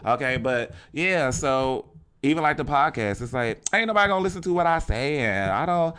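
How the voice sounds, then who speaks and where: Blunt, cussing man with a smooth voice. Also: mid-range voice, animated, a little fast, fairly bright tone. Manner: blunt, profane, repeats "okay?". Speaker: podcast host. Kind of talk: casual motivational monologue.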